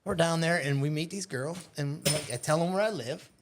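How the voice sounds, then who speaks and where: A man with a slightly high voice spins wild, profane stories in casual chat. He is animated and laughs through his tales, recorded on location in a home. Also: a little fast, noisy background. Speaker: podcast guest. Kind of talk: casual storytelling. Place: childhood neighborhood home.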